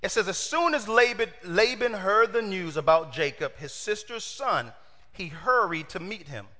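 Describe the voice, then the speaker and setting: A middle-aged man preaching a lively storytelling sermon, acting out voices and talking to the congregation. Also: sits high, moderate pace. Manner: lively, acts out quoted voices, talks to the congregation. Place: church hall. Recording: long hall reverb.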